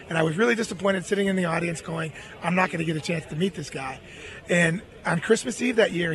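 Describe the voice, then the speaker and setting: Man, middle-aged, high voice, earnest storyteller, interview guest. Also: a bit bright.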